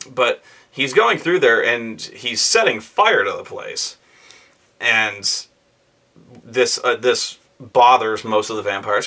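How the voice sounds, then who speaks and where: 30s guy with a bright edgy voice, cussing a lot, telling an old game story, jumps up high when doing his players. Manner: profane, animated, acts out players in raised voices. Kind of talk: casual storytelling monologue.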